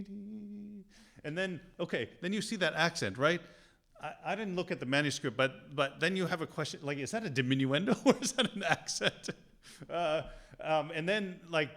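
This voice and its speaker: Casual piano teacher, man, mid pitch. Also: a bit bright. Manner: casual and halting, many fillers, sings phrases aloud. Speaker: piano teacher giving a lecture. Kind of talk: informal music lecture.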